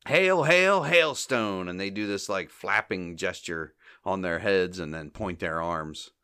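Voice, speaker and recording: A man's voice: sits low, steady tone, measured pace, bright, forceful tone, clean tone. A man hosting a podcast, casually recapping a comedy short and acting out the characters' lines in silly voices, laughing often. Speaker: podcast host.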